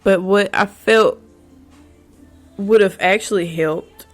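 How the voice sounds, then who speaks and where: A woman talks slowly and deliberately, working through her thoughts aloud with restarts and blunt swearing. It sounds like a casual advice monologue. Soft music plays faintly behind her. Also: mid-range voice. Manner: candid and profane, rambling with restarts. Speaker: podcast host.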